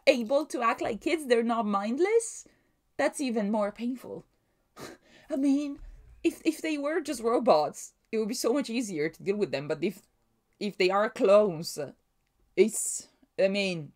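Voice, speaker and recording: Woman, casual reaction host, animated pitch, excitable and rambling, laughs easily. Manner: excitable, laughs often, restarts and wonders aloud. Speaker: manga reaction vlogger. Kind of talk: casual thinking-aloud reaction.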